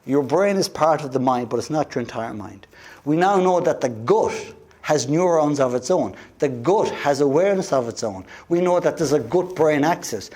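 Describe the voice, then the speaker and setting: Animated Irish man telling his story. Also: a little high, normal speed. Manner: animated storyteller who acts out quoted voices. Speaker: guest speaker at a wellness event. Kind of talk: motivational talk told as a personal story.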